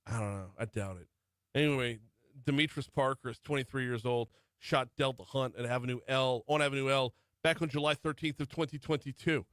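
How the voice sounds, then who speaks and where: A middle-aged man hosts morning talk radio from a studio, with an even, mid-range voice. He reads through the top stories but keeps breaking off into conversational asides. The sound is dry and close on the mic. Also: mid-range voice, brisk, no room sound. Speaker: radio morning show host. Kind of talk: talk radio news rundown. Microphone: studio microphone.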